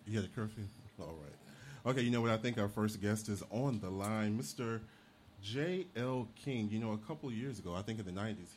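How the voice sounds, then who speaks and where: Guy hosting a talk show, lowish voice, easygoing, lots of uh-huhs. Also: slight background noise. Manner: easygoing, affirming listener. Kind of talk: casual chat and guest introduction.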